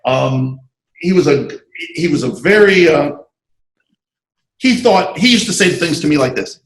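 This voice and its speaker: A man being interviewed about his screenwriting career, telling animated, digressive stories full of asides over a video call. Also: a little high, measured pace, reverberant, rough recording. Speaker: interview guest, screenwriter and comic artist. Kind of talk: casual anecdotal storytelling.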